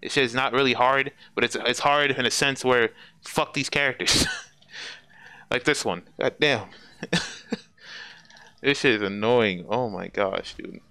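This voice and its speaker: A man's voice: medium pitch, a little slow, pauses often, pushed and bright, smooth. A man streaming a fighting game, commentating his matches with profane, exasperated trash talk. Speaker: gaming streamer.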